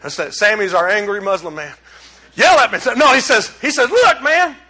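Animated preacher, high and bright. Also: male voice, fairly quick. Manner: animated, conversational preaching with humor. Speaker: pastor. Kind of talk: sermon. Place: church sanctuary.

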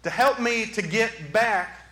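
A man preaching a sermon from the pulpit, animated, swinging from quiet talk to shouting. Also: high voice, takes it slowly. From southeastern Michigan. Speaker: pastor. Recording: echoey hall.

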